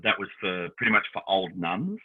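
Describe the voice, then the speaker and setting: A man co-hosts a casual chat, telling lively stories and slipping into the voices of the people in them. His voice has a husky grain. It comes through tinny, like a phone line. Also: sits low, normal speed. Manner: animated storyteller acting out quoted voices. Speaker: podcast co-host.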